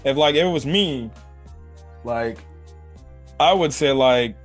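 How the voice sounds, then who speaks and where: A man chatting casually as he reviews an episode, rambling and animated, filling his talk with "like" and "you know". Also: slow pace, soft background music. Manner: animated, jumps between high and low pitch. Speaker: anime reviewer.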